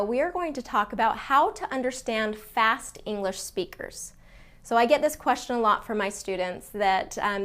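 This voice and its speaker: Woman teaching English in casual lesson. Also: medium pitch. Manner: clear, explanatory, frequent fillers and restarts. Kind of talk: casual video lesson to learners.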